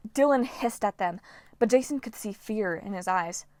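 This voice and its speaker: A woman reading a novel aloud as an audiobook narrator, with steady, dramatic storytelling. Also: mid-range voice, normal speed, no echo. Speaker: audiobook reader.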